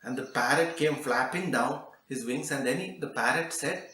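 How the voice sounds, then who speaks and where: A man's voice: medium pitch, normal speed, recorded from a distance. Male children's storyteller, easygoing and chatty; echoey room, sits back from the mic. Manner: relaxed, conversational telling with fillers.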